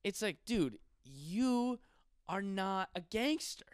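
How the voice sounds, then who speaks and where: A man's voice: high voice, slow, clear, resonant tone, no echo, studio quality. A man in his twenties, a stand-up comedian from western New York, ranting casually with lots of profanity. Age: 20s. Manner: profane, rambling, animated. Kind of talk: casual podcast rant.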